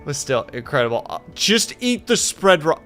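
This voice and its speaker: A man streaming and telling stories in casual chat, animated and quick to swear. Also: on the high side, faint music behind.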